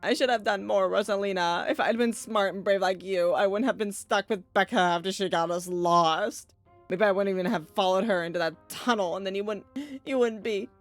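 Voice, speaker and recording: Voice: medium pitch, brisk, no echo, faint music behind, natural voice. A streamer voicing an injured teenage girl who talks faintly and apologetically, reading from a story game. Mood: weak. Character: injured teen girl, weak and guilty.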